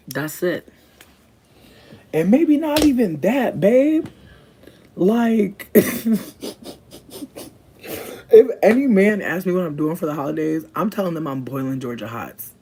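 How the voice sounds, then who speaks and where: A woman chatting casually with her livestream viewers, cursing constantly and jumping into high squeals. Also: mellow, breathy edge.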